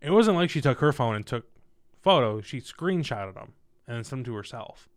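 A young man casually telling a personal story in a candid, profane, animated way. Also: medium pitch, moderate pace.

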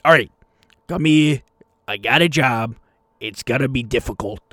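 Gruff, loud male tavern keeper done by a man, rough and pushy in a tabletop game. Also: medium pitch, measured pace, no room sound, studio quality.

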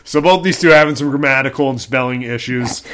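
Young man, podcast co-host, casual chat, bright tense voice, jokey, laughs often. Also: medium pitch, a little fast. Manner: jokey, reads posts aloud with bursts of laughter.

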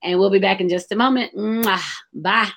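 Woman, radio talk show host, casual, expressive, candid. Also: medium pitch, fast. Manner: expressive, laughs easily, open and candid.

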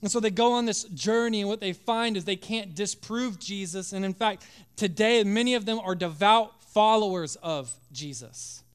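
A male pastor preaching a sermon with passion, acting out voices and dropping to a hush at times. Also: high-pitched, clean tone. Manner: impassioned, acts out biblical voices, drops to hushed tones.

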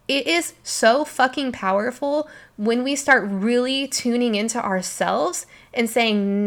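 A woman's voice: fairly high pitch, measured pace. Passionate, swearing woman podcast host. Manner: emphatic, profane, emotional. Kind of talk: passionate solo podcast talk.

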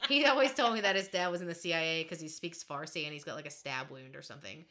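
A young woman trading stories on a casual podcast. Her voice sits a little low but has a bright, forward edge. She talks animatedly, laughs often and acts out what people said. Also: quick pace. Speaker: podcast co-host. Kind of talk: casual storytelling chat.

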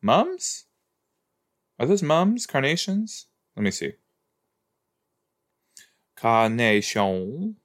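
A man's voice: a little high, huge pitch swings, slow pace, pauses often. A man hosting a casual watch-along podcast, rambling and questioning himself aloud as he goes. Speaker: podcast host.

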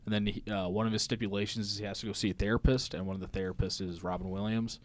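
Man with a lowish voice, blunt casual podcast co-host who swears a lot. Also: level tone, rapid-fire, a little hiss or hum. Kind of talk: casual chat.

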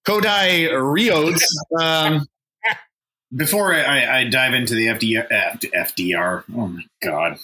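A man's voice: medium pitch, a little slow, bright, forceful tone, reverberant. A man co-hosting a casual podcast chat, stumbling over names, laughing at himself and swearing freely. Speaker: podcast co-host.

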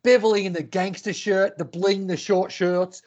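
Aussie guy with a high voice, banter and mock outrage, podcast audio a bit dull. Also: steady tone, moderate pace, a little mellow. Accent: Australian. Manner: joking, mock-indignant banter. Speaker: podcast co-host. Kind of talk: casual sports chat.

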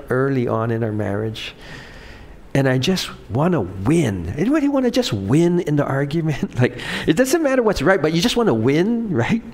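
A man's voice: a little high, darkish tone. A middle-aged male pastor giving a conversational sermon, asking the congregation questions and acting out quoted lines in different voices.

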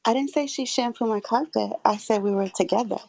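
A woman guest on a live podcast, calm and matter-of-fact, correcting the host. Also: a little high, brisk, creaky, no room sound, low-quality recording. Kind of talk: casual live podcast chat.

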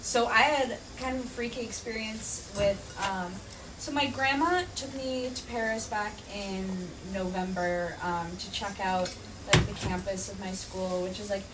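A young woman, a podcast guest, telling stories in a casual, animated way with many "um"s and "like"s. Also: medium pitch, a little slow, crowd noise. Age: young adult. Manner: animated storytelling, filler "um" and "like". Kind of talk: casual chat. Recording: distant mic, faint background noise.

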